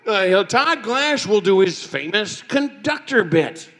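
A man's voice: high voice, big pitch swings, a little slow, over loud music. A man on a live comedy stage, reading a mock announcement in a dry tone.

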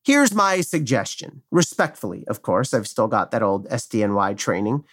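A man's voice: on the low side, big pitch swings, normal speed, fairly bright tone, slightly rough. Middle-aged man reading a wry legal commentary. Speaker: former federal prosecutor.

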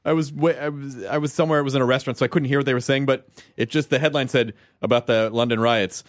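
A man hosting a podcast, chatting casually and riffing excitably. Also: mid-range voice, fast, dry recording, clean studio sound. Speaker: podcast host.

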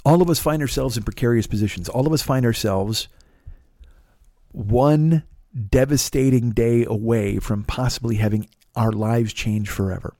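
A man's voice: mid-range voice, moderate pace, mellow, no room sound, clean studio sound. A middle-aged man and comedian telling a rambling, profane story in a casual monologue, often restarting and repeating words. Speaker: comedian and podcast host.

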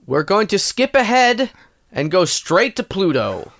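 A man's voice: sits high, very animated, measured pace, fairly bright tone, pitched above the performer's own voice, heavily acted. A man putting on a pompous, grandiose tech billionaire in a casual podcast bit.

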